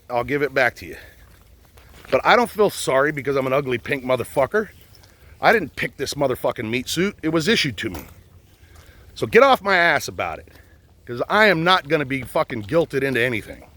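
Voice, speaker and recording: A man's voice: medium pitch, very animated, a little fast, sharp tone. Blunt, profane older man ranting outdoors. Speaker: retired police officer vlogger. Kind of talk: outdoor rant. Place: outdoors on a boat in a swamp.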